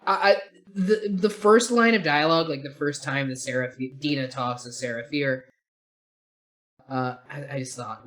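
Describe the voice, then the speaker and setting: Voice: medium pitch, moderate pace, fairly bright tone. A podcast co-host in casual film review chat, rambling and opinionated, swearing casually.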